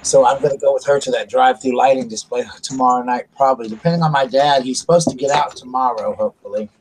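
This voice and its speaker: A man's voice: medium pitch, steady tone, quick pace, slight background noise, low-quality recording. Rambling man on a livestream. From South Carolina, US. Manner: rambling storyteller, restarts and asides. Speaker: livestream host. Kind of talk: casual chat.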